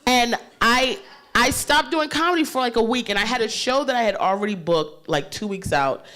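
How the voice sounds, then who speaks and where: Woman comedian, fairly high voice, frank and animated panel storyteller, curses freely. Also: brisk. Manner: animated and frank, swears freely, laughs through her story. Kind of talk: candid storytelling on a live panel. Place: panel stage at a leadership summit.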